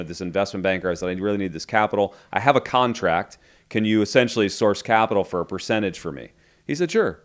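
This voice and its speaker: A middle-aged man, a podcast guest, candidly retelling a business story and acting out the dialogue. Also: on the low side. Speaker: entrepreneur guest.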